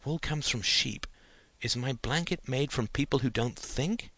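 A man's voice: medium pitch, sharp tone, husky, dry recording, voice pushed up, full character voice. A man voicing a curious, earnest six-year-old boy who stumbles over his questions in an audiobook. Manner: eager, halting, full of questions.

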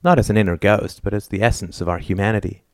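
A man's voice: on the low side, steady tone, quick pace, no room sound, clean studio sound, natural voice. A man voicing an earnest, serious young scholar in an audiobook. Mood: grave. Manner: earnest, grave.

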